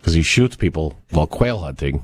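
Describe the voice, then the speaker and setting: A man's voice: rumbling low, lively intonation, fairly quick, husky. A man co-hosting a morning radio show, joking and bantering with his partner. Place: radio studio.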